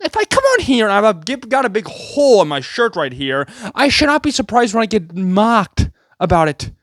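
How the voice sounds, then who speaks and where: A man's voice: huge pitch swings, normal speed, a bit bright, no room sound, studio quality. A man delivering a sarcastic, rambling comedic rant to his viewers. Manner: sarcastic, rambling, jumpy pitch. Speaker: vlogger.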